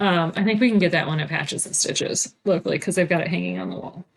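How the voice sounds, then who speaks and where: A gravelly, lowish female voice speaks quickly. She's a co-host of a cross-stitch video podcast, showing off her craft supplies in a chatty, bubbly, filler-heavy casual conversation as a TV plays in the background.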